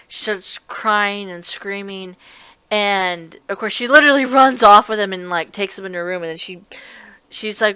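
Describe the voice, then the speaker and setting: A woman giving a casual spoken review of an anime episode, talking quickly and excitedly with many restarts. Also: medium pitch, clear, resonant tone, dry recording. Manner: rapid, excitable talk with many restarts and laughs.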